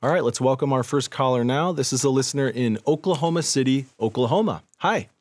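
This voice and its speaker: A man's voice: mid-range voice, fairly quick, a little mellow, no echo. A man hosting a radio health show, upbeat and announcer-like in a studio. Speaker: radio host. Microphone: studio mic.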